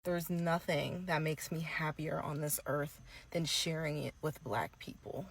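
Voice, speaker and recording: A woman's voice: sits low, fairly even intonation, vocal fry, full character voice. A woman voicing a young female influencer who keeps stalling with "um" and claims to be emotional during an apology video. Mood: tearful, earnest. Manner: halting, filler-heavy, fake-emotional. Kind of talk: comedic impression.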